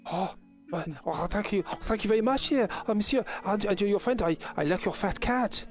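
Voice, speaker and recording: Casting note: man playing a stuttering elf lady, flustered, higher-set voice, soft music behind. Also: expressive, takes it slowly, full character voice. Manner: stammering, flustered, many fillers. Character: stammering archaic elf woman with odd accent.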